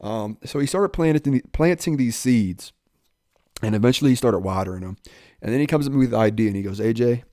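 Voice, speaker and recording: A young adult man, a police officer, telling his own life story in an animated way, jumping up in pitch when he quotes people. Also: fairly quick, dry recording, clean studio sound. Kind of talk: personal storytelling in a podcast talk.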